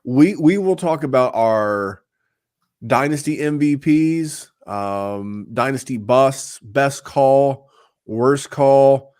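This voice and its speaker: A man's voice: medium pitch, takes it slowly, a little mellow, clear, resonant tone, dry recording, studio quality. A man hosting a fantasy football podcast in casual chat, rambling with fillers and restarts. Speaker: podcast host.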